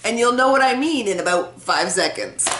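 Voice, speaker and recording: Woman vlogging, bright voice jumping all over, cusses a lot, bit of room echo. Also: animated, moderate pace, slight background noise. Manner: joking, swears freely, bursts into high belted singing. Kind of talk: casual chat to camera.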